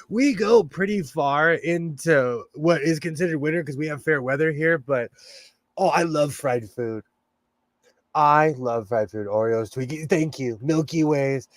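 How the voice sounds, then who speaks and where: A man's voice: fairly high pitch, slow pace, long pauses, dry recording. A man chatting casually on his live stream, reading the chat and laughing often. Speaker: livestream host reading chat. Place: home in California.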